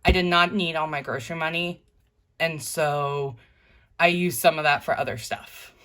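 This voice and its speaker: A woman vlogging casually to her viewers, counting bills out loud and chatting about her budget, often saying "you guys". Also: sits low, moderate pace. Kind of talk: casual talk to camera while counting cash.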